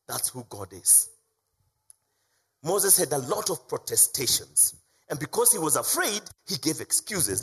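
Husky, animated man preaching a sermon. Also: measured pace. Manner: animated preaching, swinging from loud high emphasis to low quiet lines. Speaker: pastor.

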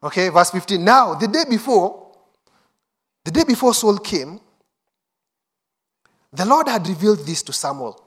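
Guy preaching a sermon, high voice, lively, acts out the quotes. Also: measured pace, long pauses, slightly rough.

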